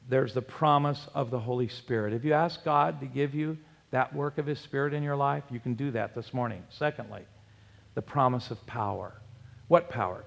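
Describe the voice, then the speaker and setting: A man's voice: mid-range voice, creaky. A male pastor preaching a sermon in a church, asking the congregation rhetorical questions and citing scripture. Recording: long hall reverb.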